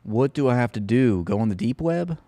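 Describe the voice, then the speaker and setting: A man's voice: mid-range voice, expressive, brisk, warm tone, no echo. A man hosting a live reaction stream, talking in a sarcastic, profane and rambling way.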